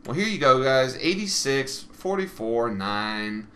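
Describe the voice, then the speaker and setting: A man's voice: mid-range voice, big pitch swings, unhurried, a bit bright, slight background noise. A man giving casual let's-play commentary, frustrated and swearing, talking straight to his viewers. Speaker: gaming channel host.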